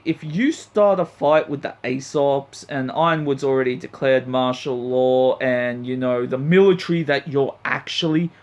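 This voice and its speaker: A man's voice: medium pitch, normal speed, hardly any pauses. A man reviewing an anime episode in a blunt, profane, heated rant. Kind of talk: ranting review vlog.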